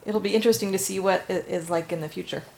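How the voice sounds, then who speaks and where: An adult woman telling stories in a casual group discussion, with lively asides. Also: mid-range voice, fast talker, vocal fry, a little hiss or hum. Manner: chatty storytelling, lively asides. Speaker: discussion participant.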